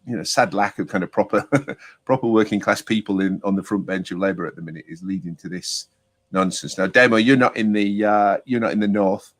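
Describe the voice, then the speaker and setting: A low-voiced man hosting an online political chat. He talks in a rambling, halting way with a sardonic edge. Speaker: host.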